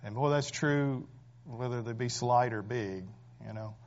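Emphatic preacher, lo-fi sound. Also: male voice, medium pitch, measured pace. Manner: emphatic, rhetorical questions, frequent "right?". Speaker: pastor. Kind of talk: sermon. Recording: dull lo-fi recording.

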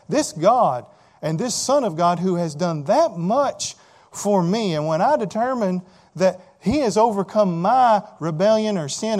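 A man delivers a sermon with a slightly high-pitched voice. He talks conversationally, stumbling over and repeating words as he goes, and keeps asking his listeners whether they understand. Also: a little mellow. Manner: conversational preaching with rhetorical questions and repeated words. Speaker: pastor.

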